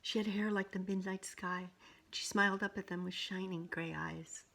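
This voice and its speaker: A woman reading a picture book aloud, pausing now and then to show the pictures to a listener. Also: mid-range voice, steady tone, creaky, a bit bright, a little hiss or hum. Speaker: storyteller.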